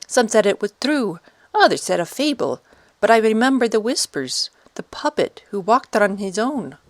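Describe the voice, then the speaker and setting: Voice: mid-range voice, very animated, normal speed, dry recording, pitched above the performer's own voice. A narrator voicing a frail, trembling old village woman who murmurs breathlessly in a storybook reading. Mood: awed.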